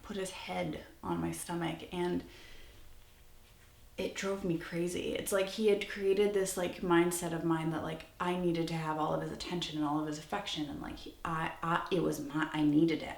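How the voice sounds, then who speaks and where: A woman in her twenties telling a personal story in a candid, conversational vlog, with lots of "like" fillers. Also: deep voice. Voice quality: creaky, gravelly. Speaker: vlogger. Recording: echoey room, slightly off-mic.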